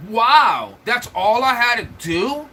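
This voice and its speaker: A man's voice: very high-pitched, big pitch swings, slow pace, sharp tone, rough recording. A man hosting a livestream, trash-talking and mocking commenters in loose, joking banter. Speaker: livestream host. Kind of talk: mocking live-chat banter.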